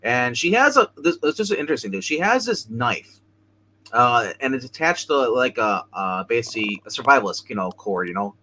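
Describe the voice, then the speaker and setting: Male co-host, bright and forceful voice, rambling episode recap full of restarts. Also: medium pitch, big pitch swings, slight background noise, low-quality recording. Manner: rambling, halting, many restarts. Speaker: show co-host.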